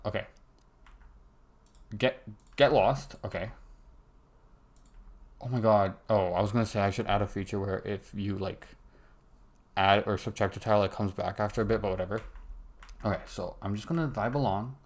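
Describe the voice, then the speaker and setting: A man's voice: on the low side, moderate pace, long pauses. A young man muttering to himself as he codes a game, cutting himself off mid-sentence, with keyboard clicks behind him. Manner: muttering to himself, self-interrupting. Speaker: game developer streaming his work. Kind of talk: casual live coding commentary. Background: keyboard typing and mouse clicks.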